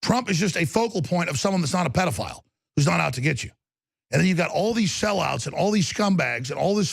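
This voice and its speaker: A man's voice: on the high side, vocal fry, slightly rough, no room sound. A male talk show host delivering an intense, emphatic, rambling monologue.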